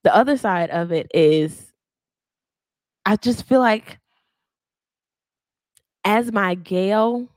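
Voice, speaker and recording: A woman's voice: medium pitch, extremely slow, long pauses, no echo. A woman co-hosting a casual podcast, talking expressively. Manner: expressive, animated storytelling. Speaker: podcast co-host. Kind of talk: casual chat.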